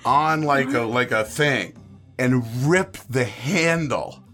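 A man's voice: medium pitch, takes it slowly, bright, forceful tone, faint music behind. A young man telling a comic anecdote, acting out the quotes and laughing as he goes. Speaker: player.

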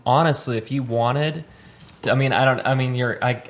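A male podcast host talking casually from the studio. He rambles and trips over his own sentences, starting over mid-thought. His voice sits at an ordinary pitch. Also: fairly even intonation, moderate pace. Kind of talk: casual chat.

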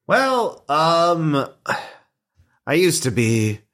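Man putting on a high-pitched, cranky, rambling vent-dwelling hermit, swooping wildly, filthy and paranoid. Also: very animated, drawn-out words, a bit bright, full character voice. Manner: rambling, grumpy, easily annoyed. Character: scruffy filthy male hermit squatter, rambling, paranoid, irritable.

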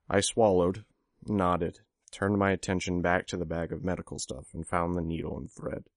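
Male narrator, deep and measured, dry studio-style recording, for audiobook. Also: level tone, no room sound.

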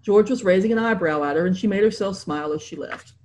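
A woman narrating a novel in an expressive storytelling manner. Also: mid-range voice, fast talker. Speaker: audiobook narrator. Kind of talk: scripted narration.

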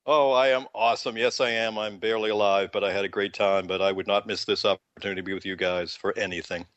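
A man's voice: on the low side, fairly even intonation, fast talker, a bit bright, no room sound, lo-fi sound. Easygoing, laughing male podcast guest. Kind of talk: casual podcast banter.

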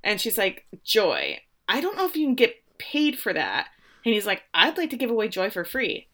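A woman's voice: a little high, very animated, fairly quick, fairly bright tone. A woman co-hosting a casual podcast, animatedly retelling scenes and quoting the characters. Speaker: podcast co-host. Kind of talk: casual recap chat.

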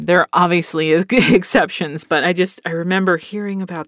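A woman's voice: lowish voice, normal speed. A woman voice actor hosts her own podcast in a loose, candid monologue. She swears freely and tells stories with bursts of laughter. The sound is dry, with no room echo. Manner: candid, profane, animated storytelling with laughs. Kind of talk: casual solo podcast talk.

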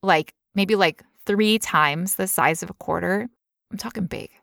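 A young woman talks through a story with animated energy and a steady stream of "like". Her voice is bright and forward. The sound is close and dry. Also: fairly low pitch, measured pace, creaky, dry recording. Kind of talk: casual chat.

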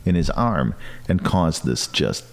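A man with a rumbling low voice, big pitch swings, and a slow delivery co-hosts a podcast. The conversation is casual and comedic, and he rambles and jokes with plenty of fillers.

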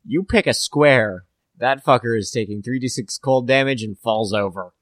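A man's voice: mid-range voice, moderate pace, a bit bright, no echo. A man co-hosting a podcast, chatting casually and sarcastically about tabletop game spells, with jokey asides and swearing. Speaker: podcast co-host.

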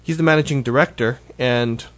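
A man's voice: medium pitch, a little fast. A man hosting his show, giving a casual, rambling update that is full of self-corrections. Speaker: show host.

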